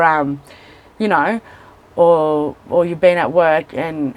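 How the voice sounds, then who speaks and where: A woman with a deep, low voice talks through a casual tarot reading on camera. She rambles and breaks off mid-thought, openly emotional and a little teary as she goes. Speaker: tarot reader. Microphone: camera in front of a seated speaker.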